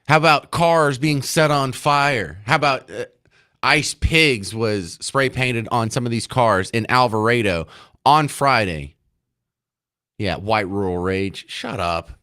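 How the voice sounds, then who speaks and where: A man's voice: medium pitch, animated, unhurried, bright, forceful tone. A man hosting a talk radio show, delivering a sarcastic, combative opinion monologue from a studio.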